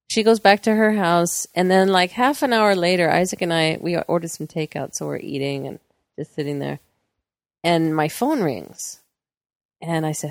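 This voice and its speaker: A woman co-hosting a casual podcast, her voice a bit low with a gravelly fry. She tells stories with a laugh and slips into quick impressions of the people in them. The sound is dry and close. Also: no room sound. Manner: laughs often, acts out quoted voices. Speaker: podcast co-host. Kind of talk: casual storytelling chat.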